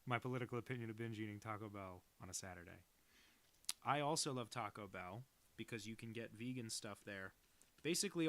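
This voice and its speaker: A man's voice: on the low side, a bit bright. A man chatting casually with viewers on a live stream as he inks a cartoon, rambling and self-deprecating. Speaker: cartoonist streaming his work. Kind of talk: casual live-stream chat while drawing.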